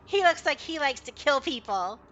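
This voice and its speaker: Woman doing a high, yappy puppy eager to fight. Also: normal speed, muffled recording. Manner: excitable, boastful, blunt. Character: eager young male magical puppy, bloodthirsty toward undead.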